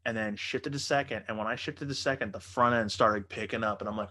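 A man's voice: on the low side, a little fast, few pauses, slight background noise. A man casually telling a long story, swearing a lot and acting out the other people in it with raised voices. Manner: profane, animated, acts out quotes in raised voices.

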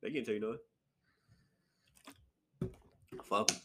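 A man's voice: unhurried, background noise. A young man hosting a solo podcast, rambling and profane, often mocking himself. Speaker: podcast host. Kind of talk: casual solo podcast rant.

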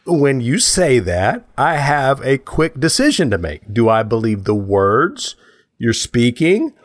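A man's voice: mid-range voice, big pitch swings, slow, no room sound, clean studio sound. A man co-hosting a casual chat podcast, explaining ideas through playful hypotheticals with light chuckles. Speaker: podcast co-host.

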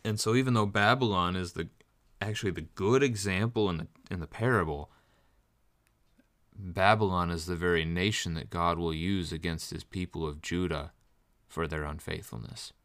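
A man preaching a Bible study sermon, explaining scripture with emphatic, measured delivery and reading verses slowly. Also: low-pitched, a bit bright, dry recording, studio quality.

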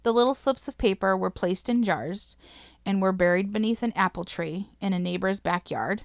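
Swearing, animated woman telling a story. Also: medium pitch, normal speed, creaky, no room sound, clean studio sound. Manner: swears freely, laughs, emotional and animated. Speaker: podcast host telling a history story. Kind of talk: casual storytelling chat.

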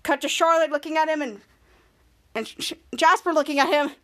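Very high-voiced woman recapping a show. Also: fairly even intonation, a bit bright. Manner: halting, scene-by-scene retelling with restarts. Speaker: podcast host. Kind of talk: casual episode recap.

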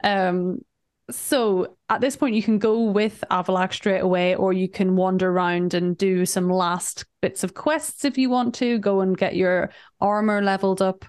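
A woman's voice: medium pitch, fairly even intonation, moderate pace, a little mellow, smooth, no room sound, studio quality. A woman co-hosting a podcast, recapping a game in casual, chatty talk, often laughing. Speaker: podcast co-host.

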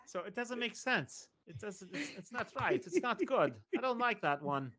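A man co-hosting a casual comedy podcast, telling animated stories and swearing freely. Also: high voice, moderate pace. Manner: animated storyteller, swears freely, slips into joke voices. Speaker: podcast co-host.

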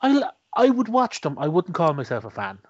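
A man's voice: fairly high pitch, wildly swooping pitch, fairly quick, dull audio. A man casually chatting about his favourite movies as a co-host. He laughs often, restarts his sentences and swears. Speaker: podcast co-host.

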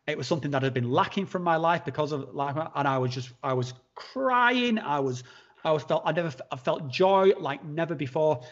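Man, podcast guest, slightly high voice, halting storytelling, repeats words, muffled lo-fi audio. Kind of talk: conversational storytelling. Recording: dull lo-fi sound.

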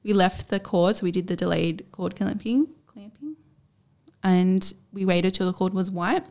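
A young woman in her twenties with an Australian accent, a podcast guest telling a personal story in a chatty, animated way and acting out what people said. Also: medium pitch, moderate pace. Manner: chatty, animated, acts out quoted speech.

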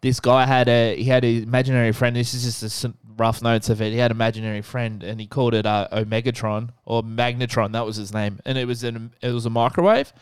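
A man co-hosting a podcast, telling stories in a profane, animated, casual way. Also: medium pitch, quick pace, few pauses, clear, resonant tone, dry recording, clean studio sound. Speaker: podcast co-host. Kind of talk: casual chat.

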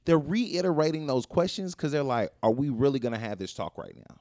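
A man's voice: mid-range voice, lively intonation, fairly quick, darkish tone, dry recording, studio quality. A man co-hosting a casual podcast chat, earnest and reflective, speeding up when he quotes other people. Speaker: podcast co-host.

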